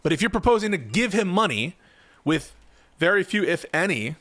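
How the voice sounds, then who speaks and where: Higher-voiced man in casual political commentary. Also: sing-song, normal speed, a bit bright, no echo. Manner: thinks aloud, reads chat, grows emphatic when arguing. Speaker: political streamer reading chat.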